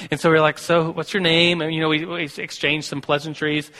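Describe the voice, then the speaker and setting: A man's voice: on the high side, little pitch movement, fast talker, bright, forceful tone. An American man giving a sermon, telling a personal story in a conversational way with many restarts. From United States. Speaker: preacher. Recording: long reverb of a hall.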